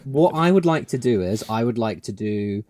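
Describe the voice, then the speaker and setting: A man's voice: medium pitch, expressive, moderate pace, darkish tone. A man co-hosting a casual podcast, chatty and rambling, laughing often as he talks. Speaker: podcast co-host. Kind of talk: casual chat.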